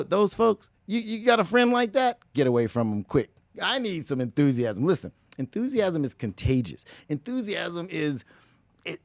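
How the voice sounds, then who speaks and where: A man hosting a motivational talk, energetic and preachy, who keeps addressing listeners as ladies and gentlemen. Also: a little high, no room sound. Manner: energetic, preachy, slips into mock voices. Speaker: motivational show host.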